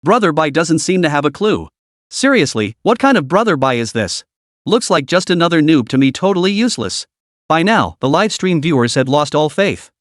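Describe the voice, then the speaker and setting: A man narrating a web novel audiobook with lively, dramatic storytelling. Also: on the high side, moderate pace, dry recording, studio quality.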